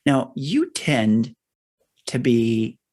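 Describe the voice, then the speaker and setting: A middle-aged man hosting an interview podcast, explaining ideas in a measured, thorough way. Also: mid-range voice, lively intonation, a little mellow. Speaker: podcast host. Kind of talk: interview conversation.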